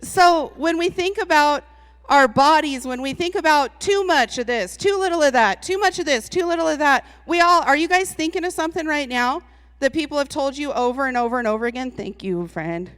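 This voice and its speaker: A woman giving a lively, comedic motivational talk to a live audience, chatty and teasing, laughing often. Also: high-pitched, a little fast. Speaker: speaker at a live event. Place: large hall with an audience. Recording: long reverb from a large hall.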